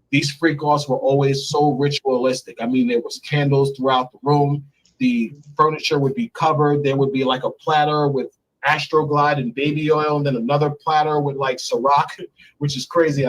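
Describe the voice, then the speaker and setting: A man's voice: medium pitch, poor audio. A man being interviewed remotely, telling a long personal story in a blunt, emphatic way and repeating words for stress. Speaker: interview guest.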